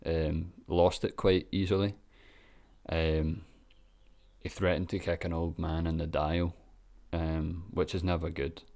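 Scottish man, very deep voice, laid-back, sweary, lots of ums and chuckles, casual vlog chat. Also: level tone, takes it slowly, gravelly, a little mellow. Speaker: vlogger. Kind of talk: casual reaction commentary.

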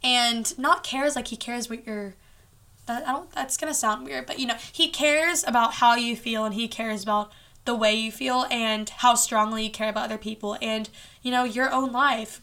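Earnest woman podcast host, casual faith talk, higher bright voice, chatty fillers.

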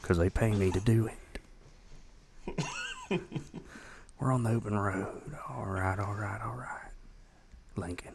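A smug, drawling movie-star pitchman murmuring low and slow about his car, as a man puts him on. His voice drops deep and hushed, unhurried and self-satisfied. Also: creaky, noisy background.

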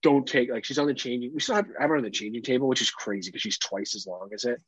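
Thirties dad co-host, husky and dry, swears freely, animated storyteller. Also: male voice, mid-range voice, fast, dry recording, lo-fi sound. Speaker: podcast co-host. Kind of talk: casual chat.

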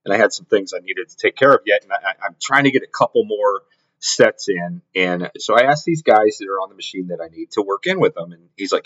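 A middle-aged podcast host tells a story in a casual, rambling monologue, full of restarts and repeated words. His voice is on the low side, animated, fairly quick and a bit bright. The lo-fi recording sounds slightly dull.

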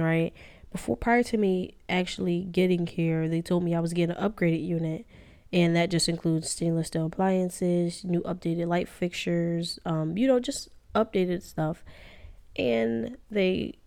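A woman's voice: fairly low pitch, normal speed, gravelly, darkish tone, smooth. A young woman, casually telling a story to her viewers, cursing often and calling them y'all. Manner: profane, emphatic, addresses viewers as y'all. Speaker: vlogger.

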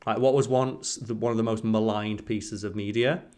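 This podcast co-host speaks at normal speed with a lowish, darkish voice and a steady tone. His casual chat wanders, full of filler words.

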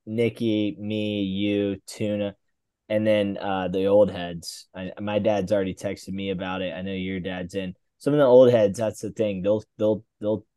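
A man's voice: fairly low pitch, little pitch movement, unhurried, mellow, clear, resonant tone, no room sound. A man co-hosting a casual sports podcast in a laid-back, chuckling way. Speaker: podcast co-host. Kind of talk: casual chat.

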